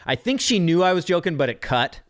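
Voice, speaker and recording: A man's voice: sits high, sing-song, fairly bright tone, no echo, studio quality. A man, a podcast co-host, chatting casually and cracking jokes. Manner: joking, quick reactions and laughs. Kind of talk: casual chat.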